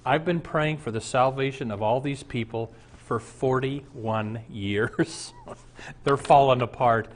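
A man's voice: mid-range voice, takes it slowly. A man in his sixties, a pastor, preaching an earnest, conversational sermon full of rhetorical questions.

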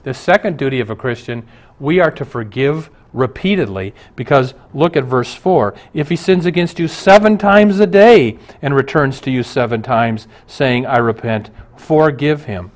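A middle-aged man preaching a sermon for a broadcast show. He speaks in an ordinary middle register, earnest and emphatic, building to stressed points and dropping back to a quieter, conversational tone. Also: medium pitch, animated, normal speed. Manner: earnest, emphatic preaching with rising and falling intensity. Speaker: pastor.

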